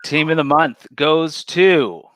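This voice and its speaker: A man's voice: on the high side, slow, fairly bright tone. Playful man announcing winners. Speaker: awards co-host. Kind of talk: casual virtual award show. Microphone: video call.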